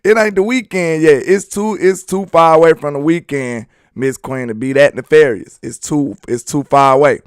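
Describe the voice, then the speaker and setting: A man hosts a loose, rambling sports talk stream, slipping into asides to his chat and laughing easily. His voice sits a little high for a man, with a smooth, resonant ring. The sound is close and dry with no room around it. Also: normal speed, hardly any pauses, dry recording. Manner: laid-back, rambling, chats with viewers and laughs often. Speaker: sports talk show host.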